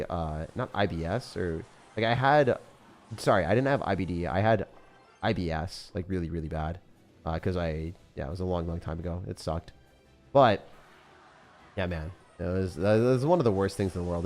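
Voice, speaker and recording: A gaming streamer with a low voice chats casually with viewers in a slangy way while playing. Every so often he breaks into sudden, loud, excited outbursts.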